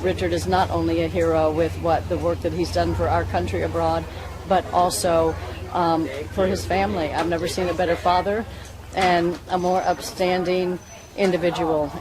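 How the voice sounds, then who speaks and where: A woman volunteer giving a heartfelt, halting speech at a public event. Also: lowish voice, flat delivery, poor audio. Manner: earnest, halting, emotional. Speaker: volunteer fundraiser. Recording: crowd noise behind.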